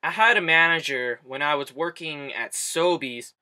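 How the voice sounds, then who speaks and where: A man's voice: on the high side, moderate pace, pushed and bright. A young man from Canada hosting a comedy show, ranting in a profane, exasperated way. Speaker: host. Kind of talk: comedic rant.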